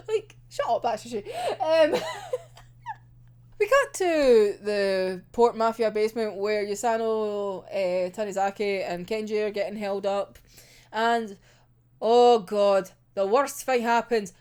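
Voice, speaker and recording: A woman's voice: fairly high pitch, expressive, slow, a little mellow. A woman recapping an anime episode in casual talk, laughing often, swearing freely and acting out the characters' lines.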